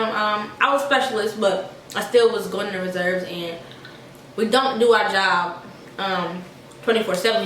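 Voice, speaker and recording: A woman's voice: mid-range voice, a bit bright, distant mic. A young woman from Georgia, a soldier telling a chatty storytime to her viewers and calling them y'all. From Georgia, USA. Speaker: army soldier. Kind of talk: casual storytime vlog. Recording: echoey room, voice a bit off-mic, faint noise.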